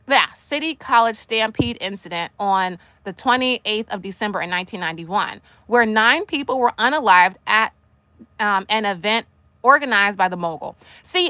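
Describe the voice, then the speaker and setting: A woman hosting a casual commentary livestream, sassy and animated, talking straight to the people she discusses. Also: a little high, dry recording. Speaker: livestream host.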